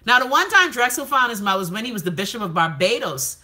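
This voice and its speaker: A woman's voice: on the high side, fast. Blunt Bahamian woman chatting live. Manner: blunt, profane, lively commentary. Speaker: live stream host. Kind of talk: casual live-stream chat reading comments.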